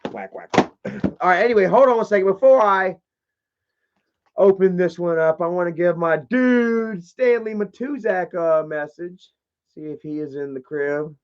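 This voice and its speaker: Male streamer, slightly high voice, rambling and profane, muffled lo-fi audio. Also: normal speed. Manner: rambling, swears casually, shouts out chat viewers. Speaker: livestream host. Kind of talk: casual livestream chat.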